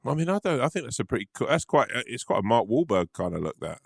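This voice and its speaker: A man's voice: mid-range voice, very animated, fast, gravelly, no echo. A man co-hosting in casual comedic chat, rambling and self-mocking, often laughing. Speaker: podcast co-host.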